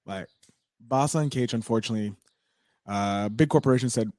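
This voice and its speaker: A man of middle pitch hosts a podcast chat with an energetic, agreeable manner. He often stumbles and restarts mid-thought. His voice sounds dry and close to the mic. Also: moderate pace, no room sound. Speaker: podcast host. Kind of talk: casual podcast interview.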